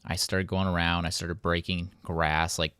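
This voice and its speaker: A man's voice: sits low, little pitch movement, normal speed, sharp tone, clear, resonant tone, no room sound, studio quality. A man hosting a casual gameplay commentary, rambling and poking fun at himself. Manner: rambling, self-mocking, playful. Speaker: let's play host.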